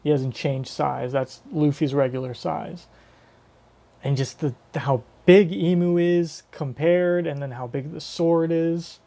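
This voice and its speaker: A man's voice: on the high side, slow pace, creaky, warm tone. A man giving casual live reaction commentary on a manga chapter, rambling and swearing casually as he thinks aloud.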